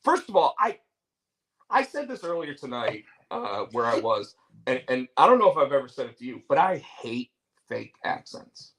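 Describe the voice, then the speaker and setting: A man hosting a casual chat show, with a lively voice that rises and falls a lot. He rambles along and keeps restarting his sentences as he tells a story. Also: mid-range voice, normal speed. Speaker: show host.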